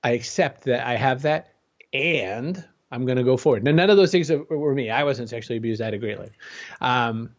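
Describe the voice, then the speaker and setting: A man's voice: mid-range voice, a little fast. A man as a guest in an interview, talking energetically and conversationally. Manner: energetic, conversational, jumps into quoted voices. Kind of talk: motivational interview talk. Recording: dull lo-fi sound.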